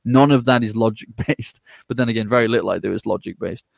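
A man talking as a podcast guest in a casual conversation. He is energetic, laughs often and acts out other people's replies. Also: fairly low pitch, quick pace, creaky, no echo, studio quality.

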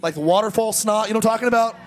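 A man in his thirties preaching a sermon, energetic and exhortative, with humorous asides. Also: high voice, rapid-fire, soft background music. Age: 30s. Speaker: pastor.

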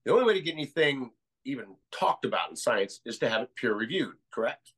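A man's voice: mid-range voice, big pitch swings, a little fast, fairly bright tone, husky, rough recording. An American man as a podcast guest, talking casually and rambling through ideas with many restarts. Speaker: guest researcher.

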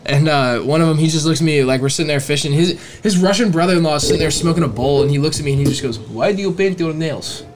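A man's voice: on the high side, rapid-fire, few pauses, crowd noise. A man in casual podcast chat, rambling and joking with lots of fillers.

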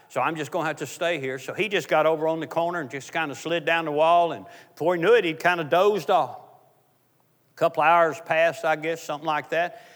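A man's voice: a little high, fairly bright tone, big-room sound. A man preaching a sermon as a guest speaker, telling a story and calling out to the congregation for responses.

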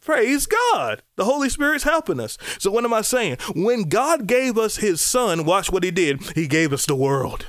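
A man preaching a podcast sermon, animated, with loud exclamations, soft asides and repeated calls to his listeners. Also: sits high, moderate pace, hardly any pauses, no room sound, studio quality.

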